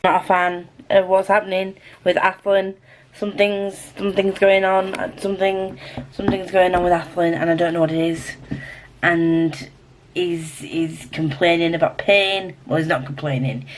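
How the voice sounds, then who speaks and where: A woman in a casual reading vlog, with a slightly low voice. She gushes and gets emotional. She repeats herself and at times drops to a hushed whisper. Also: fairly even intonation, a little slow. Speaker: book vlogger.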